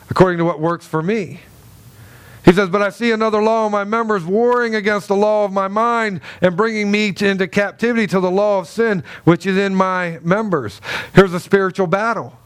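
A pastor preaching a sermon, swinging from hushed asides to loud urgent pleas, repeating phrases and acting out quoted voices. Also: male voice, high voice, smooth, no echo.

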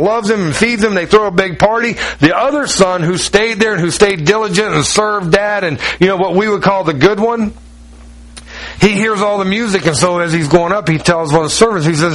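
A man's voice: high-pitched, a bit bright, low-quality recording. A man preaching a sermon, retelling a story in a folksy, emphatic way with lots of repetition and direct asides to the congregation.

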